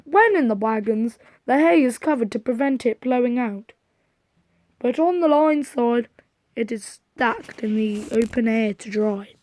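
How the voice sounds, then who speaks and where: A woman reading a children's storybook aloud in a gentle, even storytelling manner. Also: on the high side, measured pace, no room sound. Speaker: storybook reader.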